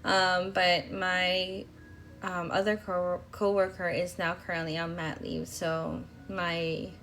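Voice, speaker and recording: A woman's voice: lowish voice, flat delivery, slow, a bit bright, slight background noise. A young woman talking casually in a voice-over about her planner spreads, rambling with fillers and restarts. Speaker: planner vlogger.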